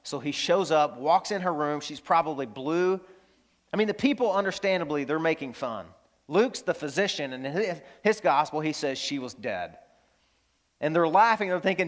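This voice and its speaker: Animated man preaching a sermon. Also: a little high, moderate pace. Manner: animated, swings from loud exclamations to hushed tender lines. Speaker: pastor.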